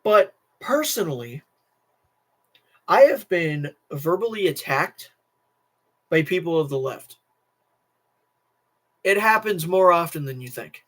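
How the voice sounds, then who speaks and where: A man's voice: on the high side, very animated, takes it slowly, long pauses, fairly bright tone. A teenage boy streaming a casual political rant, tired, restless, repeating himself and restarting sentences. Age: teens.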